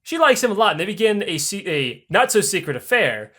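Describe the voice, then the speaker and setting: A young podcast host turns history into a crude, rowdy comedy routine, swearing in nearly every sentence. His high voice swings widely up and down at a fairly quick clip, and he animatedly acts out the story's characters in different voices.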